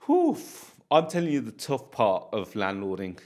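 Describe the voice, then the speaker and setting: A man's voice: fairly low pitch, normal speed. A man from the UK, a property landlord, telling stories in a casual podcast interview and acting out the dialogue. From United Kingdom. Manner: animated storyteller, acts out dialogue.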